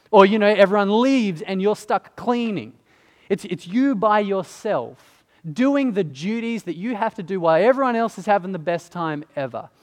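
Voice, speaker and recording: High-voiced man preaching in a reverberant hall. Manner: conversational, asks the listeners questions. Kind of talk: sermon.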